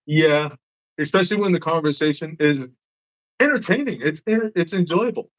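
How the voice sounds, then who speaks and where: A man hosting a podcast, talking in a loose, casual way with his guest. He laughs often, swears freely and slips into quick quoted voices to act out his cats. His voice sits fairly high for a man. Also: expressive, a bit bright, poor audio. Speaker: podcast host. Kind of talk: casual chat.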